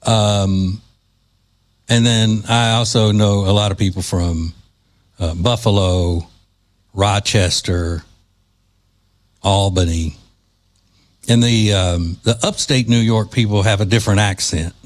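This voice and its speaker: A man's voice: lowish voice, steady tone, slow, long pauses. Male talk radio host. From Louisiana. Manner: joking, wry, sarcastic asides. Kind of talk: casual talk radio monologue.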